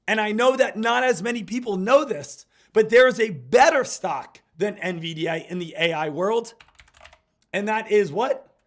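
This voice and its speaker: A hoarse man, getting over an illness, giving hyped, repetitive live market commentary as a stock trading streamer. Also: high-pitched, a bit bright.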